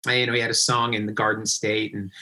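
A man's voice: fairly low pitch, fast, poor audio. A man in his forties, a musician guest, telling road stories in a casual interview and acting out the people he quotes. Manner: animated, acts out quotes in raised voices.

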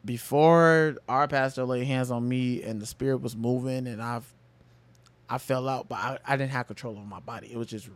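A young man co-hosting a casual faith podcast, animated and repeating phrases for emphasis. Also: medium pitch, normal speed. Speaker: podcast co-host.

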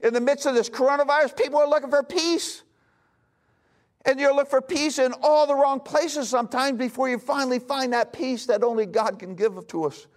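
Male pastor, very high voice, emphatic sermon delivery with big dynamic swings. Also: normal speed. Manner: emphatic, shifts between loud calls and low hushed lines.

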